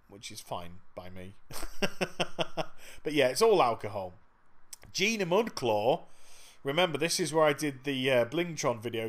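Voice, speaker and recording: A man giving chatty, sarcastic commentary over a game walkthrough. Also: mid-range voice. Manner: chatty and sarcastic, with frequent laughs. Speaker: gaming video host.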